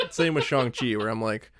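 A podcast co-host chats casually about movies, rambling with lots of filler words. His medium-pitched voice sounds pushed and bright.

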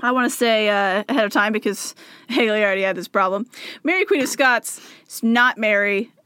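A woman's voice: medium pitch, brisk, sharp tone, clear, resonant tone, dry recording, studio quality. Giggly woman co-hosting a chat podcast. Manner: giggly, laid-back banter. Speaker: podcast co-host. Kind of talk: casual chat.

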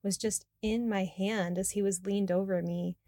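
A nonchalant adult woman who relays things flatly and matter-of-factly, voiced plainly by a woman narrator. The recording is dry and close, with mid-range pitch. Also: moderate pace, dry recording, lightly acted.

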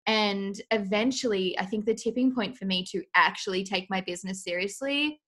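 A woman's voice: mid-range voice, normal speed, a bit bright. A woman with an Australian accent, a business coach talking as a guest on a podcast in a playful, chatty way. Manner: playful, chatty, laughs easily. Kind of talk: casual interview chat.

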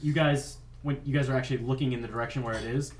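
A man narrating a tabletop role-playing game as game master, halting and full of ums and little laughs. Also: mid-range voice, steady tone. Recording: echoey room, faint noise.

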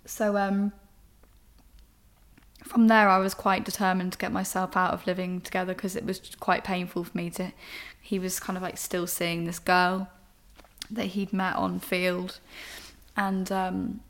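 A woman's voice: lowish voice, level tone, measured pace. A young woman, a podcast host candidly telling a personal story in an emotional, rambling way. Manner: emotional, rambling, frank with swearing.

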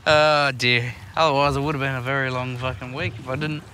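A man's voice: medium pitch, flat delivery, brisk, bright, forceful tone, slight background noise. An Australian man co-hosting a podcast, telling rambling, profane stories in casual chat. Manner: swears a lot, tells rambling stories. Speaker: podcast co-host.

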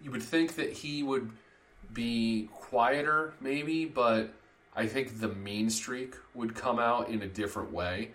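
A man's voice: mid-range voice, slow, a bit bright. A man co-hosting a film review podcast in casual chat, thinking aloud with restarts. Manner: hesitant, lots of restarts. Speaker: podcast host.

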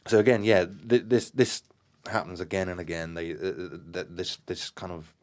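Deep-voiced man reading a tale aloud. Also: steady tone, normal speed. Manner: acts out shouted dialogue, many fillers and restarts. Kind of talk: reading aloud from a book with comments.

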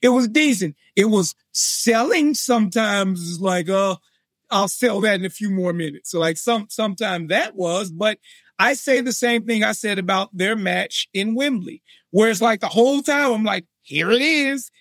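Animated male podcast co-host, high-pitched, dry close-mic sound, acts out his reactions. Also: normal speed, dry recording. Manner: animated, acts out his own thoughts in quotes. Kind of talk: casual wrestling podcast chat.

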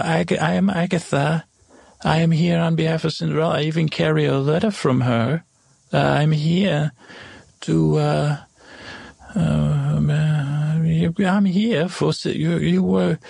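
A man playing Agatha, a gravelly old stepmother. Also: on the high side, a little mellow, no room sound, full character voice. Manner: rambling, halting and self-correcting. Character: Agatha, older stepmother, once cruel, now remorseful. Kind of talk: improvised first-person storytelling.

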